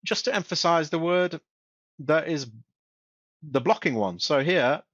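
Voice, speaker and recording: A man presenting a casual webinar on self-help. He often stumbles, repeats his words and restarts his sentences, and he reads example sentences in a flat voice. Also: on the high side, unhurried, dry recording. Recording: dull, dry close-mic recording.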